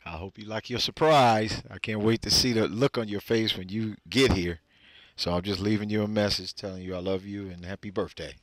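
A man leaving a relaxed, affectionate birthday message for his partner. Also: fairly low pitch, fairly quick. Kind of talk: casual spoken birthday message.

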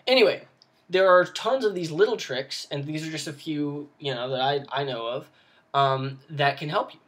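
A young man with a slightly high voice gives a casual, off-camera tutorial on tabletop role-playing. He rambles a little and fills the gaps with ums and quick restarts, so it sounds like relaxed, unscripted talk. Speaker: tabletop game tutorial host. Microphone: voice-over with no face shown.

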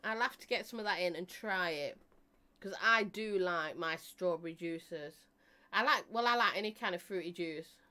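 A woman's voice: lowish voice, normal speed, pushed and bright. A woman hosting a live stream, chatting casually with her viewers, laughing often and joking as she reads out their comments.

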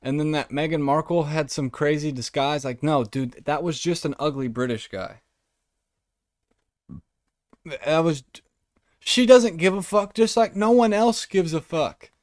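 A man's voice: on the high side, unhurried, pauses often, darkish tone, no echo, studio quality. A man hosting a podcast, delivering a profane, mocking comedic rant. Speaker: podcast host.

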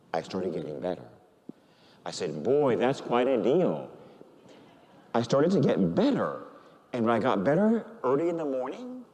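Give me a man preaching a sermon in a reverberant church, telling a story with lively pitch and playful asides. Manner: animated storytelling, bantering with the congregation. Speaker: Catholic priest. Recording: long hall reverb.

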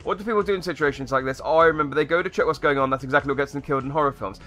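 A young gaming YouTuber offers sarcastic, rambling let's-play commentary while he plays a video game. His voice is a little high and fairly bright, and he talks at a racing clip over faint background music.

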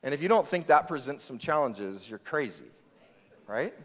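A man's voice: medium pitch, sing-song, moderate pace. A man preaching a sermon as pastor, talking conversationally and telling stories with quoted voices. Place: church hall. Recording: long reverb of a church hall.

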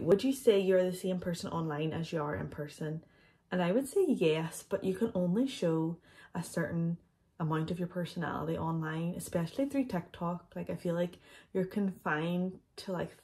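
A young woman talks casually to her viewers, loose and chatty with plenty of ums. Her voice sits a touch low, and she sounds slightly out of breath throughout. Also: mellow. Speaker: vlogger. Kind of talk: casual chat answering viewer questions.

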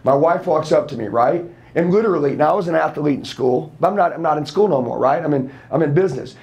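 A man's voice: a little high, expressive, fast talker, darkish tone. Blunt, profane man fired up at a seminar. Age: 30s. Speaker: sales trainer. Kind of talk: fired-up motivational seminar talk.

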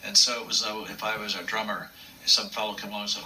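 A man's voice: on the low side, little pitch movement, quick pace. An older man, a puppeteer, telling stories from his career in an interview, acting out the voices he quotes. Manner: warm, anecdotal, acts out quotes. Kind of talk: reminiscing interview storytelling. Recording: distant mic with faint room noise.

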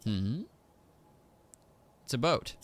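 A man streaming a video game, giving excitable, joking commentary as he plays. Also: mid-range voice, extremely slow, a little hiss or hum. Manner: excitable, exclaims and jokes to himself. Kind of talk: live gameplay commentary.

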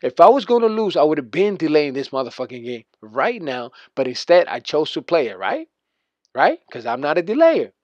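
An adult man delivers boastful, profane, trash-talking gameplay commentary over a video game. His voice sits a little high and is very animated, with a darkish tone and moderate pace, captured in a dull, lo-fi, dry recording.

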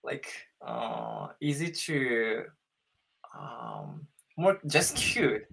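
Man, 30s, Japanese accent, English learner, very slow pace, halting, full of ums, video call. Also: medium pitch, wildly swooping pitch, vocal fry, fairly bright tone. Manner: hesitant, searching for words, many "um" and "uh". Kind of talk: casual conversation practice.

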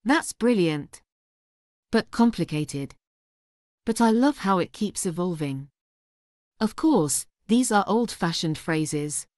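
A woman's voice: on the low side, expressive, slow pace, long pauses, a little mellow, no room sound. Polite woman host, dry close sound. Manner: polite, encouraging questions. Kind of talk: interviewing in an English lesson.

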